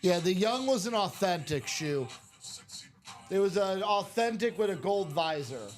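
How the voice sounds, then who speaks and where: Hoarse, upbeat man hosting a live card break. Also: high-pitched, animated, a little slow. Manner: upbeat, hypes each hit. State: losing his voice. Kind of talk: excited live-stream chat. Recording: music playing behind.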